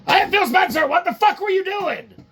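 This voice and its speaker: A man's voice: sits high, huge pitch swings, slow, gravelly, pushed and bright, slightly rough, voice pushed up, heavily acted. A man putting on the voice of a pompous, self-important male gaming executive who keeps repeating his own name. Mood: irritated.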